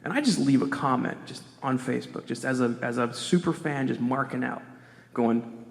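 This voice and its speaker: A middle-aged man speaking on a convention panel, telling a casual, animated story full of "like"s. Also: mid-range voice, moderate pace, creaky. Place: large convention hall. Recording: echoey convention hall.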